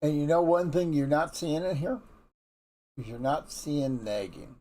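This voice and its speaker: A man's voice: on the high side, lively intonation, measured pace, mellow. A man giving a casual morning Bible devotion in a frank, folksy, conversational way, often restarting his sentences. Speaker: devotional teacher.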